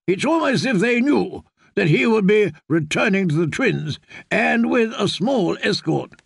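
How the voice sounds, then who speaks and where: A man's voice: high-pitched, animated, measured pace, creaky, breathy edge, dry recording, studio quality, voice pushed up, heavily acted. A man doing a coldly courteous knight. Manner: cold courtesy, insistent. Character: cold, courteous male bastard knight.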